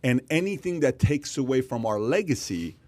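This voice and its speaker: A man's voice: mid-range voice, big pitch swings, darkish tone, no echo. Man stumbling into his point. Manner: halting, repeats words when starting. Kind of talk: casual podcast chat.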